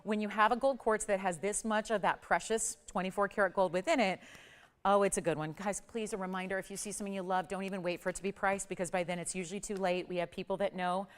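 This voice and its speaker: A woman's voice: mid-range voice, steady tone, fast talker, smooth. A middle-aged woman hosting live TV jewelry sales, chatty and gushing in an upbeat sales patter. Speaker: shopping channel host. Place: TV studio.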